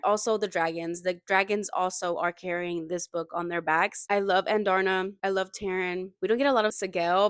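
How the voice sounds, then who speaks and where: A young woman giving a chatty, gushing book update as a vlogger, emphatic and excited. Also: medium pitch, dry recording, clean studio sound. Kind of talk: casual reading update.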